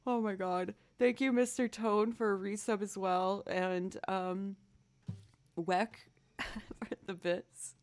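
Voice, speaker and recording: A woman's voice: mid-range voice, steady tone, takes it slowly, a little mellow. A woman musician livestreaming, chatting in a giggly, hyper, self-conscious way between loops.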